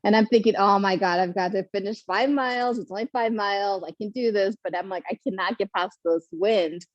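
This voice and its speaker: Woman panelist, animated storyteller, dry muffled sound, mid pitch. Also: fairly quick, no echo. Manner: animated, laughing, acts out quotes. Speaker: panelist, first-time marathoner.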